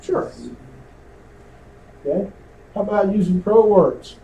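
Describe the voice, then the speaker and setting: A man lecturing a club class, heard from across an echoey room with a faint hiss under him. His voice sits a little high but sounds mellow and dark, and he keeps tossing questions to the audience. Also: takes it slowly, highs cut off. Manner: conversational, asks the room questions. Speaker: amateur radio instructor. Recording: roomy, distant, faint hiss.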